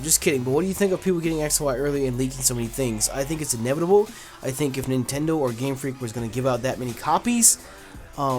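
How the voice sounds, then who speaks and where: A man's voice: medium pitch, darkish tone. A man hosting a casual gaming channel, answering viewer questions in a laid-back, blunt way with lots of fillers. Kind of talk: casual Q&A chat.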